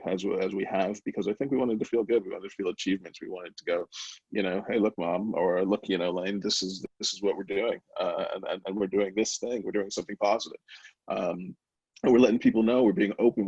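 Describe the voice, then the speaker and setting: A man's voice: deep voice, vocal fry, darkish tone, slightly rough, no echo, dull audio. A man, founder of a small company, talking candidly in an interview, open and emotional, with many fillers and restarts. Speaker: brownie company founder, guest.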